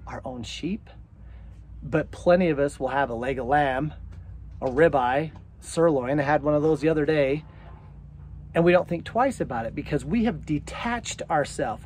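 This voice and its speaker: A man's voice: fairly high pitch, darkish tone, slight background noise. A man vlogging about homesteading, talking casually to the camera in a chatty, self-deprecating way.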